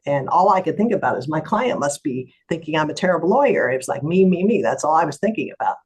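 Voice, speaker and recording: Husky-voiced woman telling a lively story. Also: low-pitched, fast talker, low-quality recording. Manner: animated retelling, acts out other voices. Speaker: lawyer and guest. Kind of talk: storytelling in an interview.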